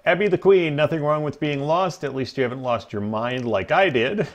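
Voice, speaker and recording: On lo-fi audio, a man with a fairly high pitch and moderate pace hosts a gaming livestream. His casual chat rambles, packed with ums and laughter at his own stories.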